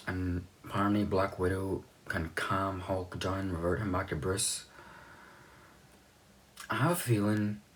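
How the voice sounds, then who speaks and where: With a deep voice and a little background noise, a young male movie reviewer loosely recaps a film's plot in an offhand, rambling way, swearing now and then.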